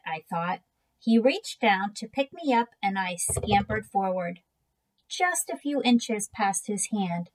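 A woman reading a children's book aloud in a gentle, unhurried storytelling manner. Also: medium pitch, sing-song, low-quality recording. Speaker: reader.

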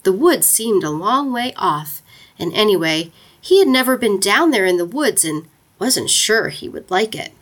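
A woman narrating a children's storybook aloud in an expressive, playful way. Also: medium pitch, a little slow.

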